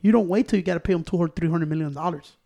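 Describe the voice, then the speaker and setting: A young man in casual chat with friends, swearing a lot and dropping in Spanish phrases, getting loud and animated when he argues. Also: fairly high pitch, rapid-fire, creaky.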